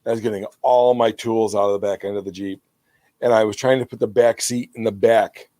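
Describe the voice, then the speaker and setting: A man co-hosting a podcast in casual chat, retelling a funny skit with animated energy and laughter into his podcast microphone. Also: lowish voice, a little fast, no room sound, clean studio sound. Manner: animated storyteller who laughs while retelling. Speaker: podcast co-host.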